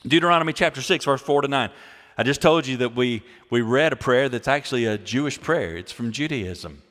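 A male pastor preaching a sermon, repeating key phrases and swinging between loud, emphatic lines and quiet ones. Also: mid-range voice. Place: church sanctuary. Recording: long hall reverb.

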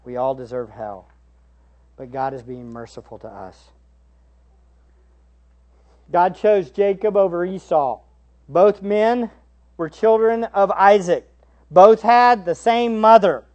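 A man preaching a sermon as pastor, shifting between hushed asides and raised, emphatic questions to the congregation. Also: sits high, lively intonation, slow, pauses often, dull audio. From United States. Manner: rhetorical tag questions to the congregation.

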